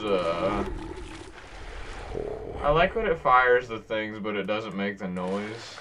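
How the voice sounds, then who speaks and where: A gameplay streamer with a lowish voice and lively intonation jokes to himself as he plays through a video game, yelping now and then. He talks slowly and pauses often in this casual commentary. He sits far from the mic, and the background is noisy.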